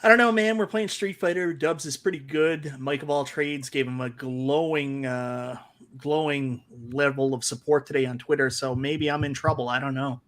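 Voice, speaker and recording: A man's voice: medium pitch, fairly even intonation, normal speed, fairly bright tone. A man co-hosting a casual gaming podcast, joking and trash-talking. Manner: playful trash talk. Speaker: co-host.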